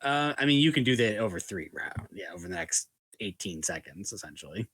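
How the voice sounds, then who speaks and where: A man's voice: low voice, very animated, a little fast, fairly bright tone, husky, no room sound. A man running a tabletop game as game master, describing scenes in a loose, descriptive way. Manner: descriptive, loose, filler-heavy.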